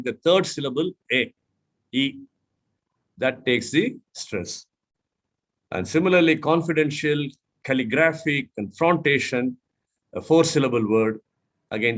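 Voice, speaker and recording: A man from India mentoring a club audience on syllable stress, who spells out letters, repeats words and asks the room questions. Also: mid-range voice. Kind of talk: instructional talk.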